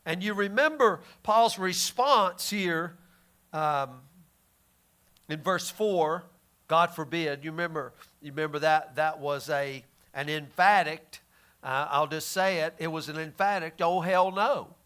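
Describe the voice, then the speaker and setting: Bright, high-voiced folksy pastor man. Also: measured pace, clean tone. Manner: casual, folksy, stammering restarts. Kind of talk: conversational Bible teaching.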